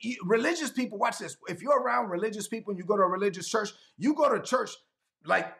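A fiery male pastor delivering a sermon. His voice sits high and has a gravelly edge. He hammers points home by repeating them and erupts into shouts. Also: fast talker. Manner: animated, repeats lines for emphasis, bursts into shouts. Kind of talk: energetic sermon.

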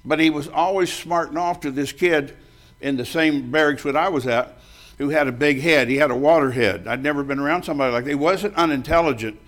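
A man's voice: fairly high pitch, a little fast, a bit bright. A man in his seventies preaching a sermon, telling a personal story in a folksy, emphatic way and laughing often as he talks.

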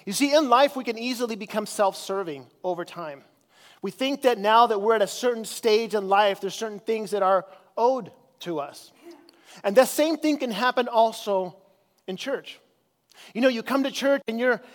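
A man with a very high voice preaches in an easygoing, conversational way, full of fillers and restarts. His voice rings out with a long reverb from the church hall. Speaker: pastor. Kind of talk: casual sermon.

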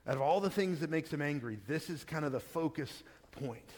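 A man's voice: on the high side, expressive, fairly quick, darkish tone. A man preaching a sermon, reading scripture aloud and then explaining it in plain conversational words. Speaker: pastor. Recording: long hall reverb.

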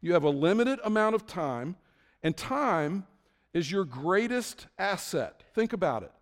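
A man preaching a sermon, telling homey stories in a relaxed, conversational way with lots of fillers. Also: high voice, unhurried. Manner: conversational storytelling with frequent fillers. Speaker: pastor. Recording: long hall reverb.

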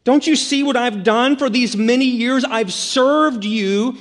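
A man's voice: sits high, very animated, moderate pace, slightly rough, pitched above the performer's own voice, full character voice. A man voicing an indignant, resentful older brother who pleads his own case in a rising complaint, heard in an echoey hall.

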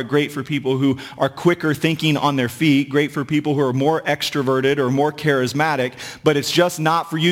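Guy preaching a sermon, chatty with little jokes, middle voice, big echoey church hall. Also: mid-range voice. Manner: conversational preaching with asides and jokes. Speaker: pastor. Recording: long hall reverb.

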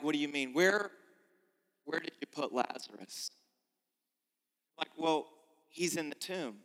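High, bright-voiced preacher in a hall. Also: male voice. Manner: animated storytelling, acts out voices, swings from loud to hushed. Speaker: pastor. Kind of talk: sermon. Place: church sanctuary.

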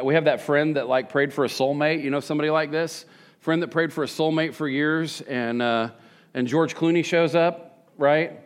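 A middle-aged male pastor giving a conversational sermon with joking, self-deprecating asides and animated quoted voices. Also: medium pitch.

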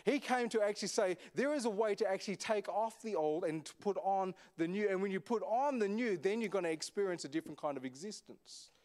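A man's voice: high-pitched, a little fast, few pauses, darkish tone. A man, a senior pastor, preaching a sermon in a conversational way, often asking the congregation questions. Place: echoey church hall.

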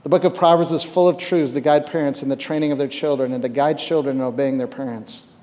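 A man's voice: medium pitch, fairly even intonation, fast, warm tone. A man giving a conversational sermon on parenting at a camp, stumbling over repeated words and asking the room rhetorical questions. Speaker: camp speaker. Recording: reverberant hall.

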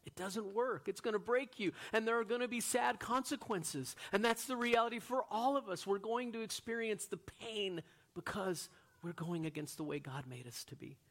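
A man preaching a sermon as a pastor, earnest, moving from loud emphatic lines to quiet, hushed ones. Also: high-pitched, normal speed.

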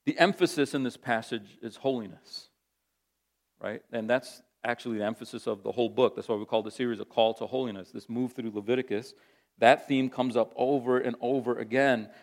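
A pastor teaching a sermon through a Bible passage in a conversational, thoughtful way, with frequent fillers and restarts. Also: male voice, medium pitch, fairly even intonation, fairly quick.

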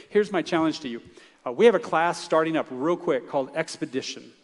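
A man from Texas preaching a sermon in a conversational, animated way, with frequent restarts. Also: fairly high pitch, big-room sound. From Texas, United States. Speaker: pastor. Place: church sanctuary.

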